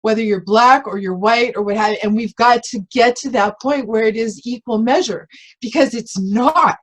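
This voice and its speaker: A woman's voice: fairly high pitch, moderate pace, low-quality recording. A woman who is a spiritual reverend, a guest speaking earnestly and from the heart in a casual spiritual conversation, often restarting her sentences.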